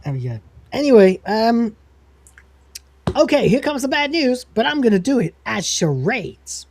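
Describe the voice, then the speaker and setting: A man hosting a livestream, casually recapping a comedy episode, swearing and rambling, reading out lines in quick voices. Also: very high-pitched, big pitch swings, a little mellow, a little hiss or hum. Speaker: podcast host.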